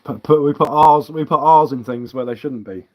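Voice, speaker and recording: A man from Sussex, England, hosts a live stream and chats casually in a loose, matey, rambling way. His Sussex accent carries a London tinge, and his fairly high voice moves at a moderate pace. The audio sounds dull.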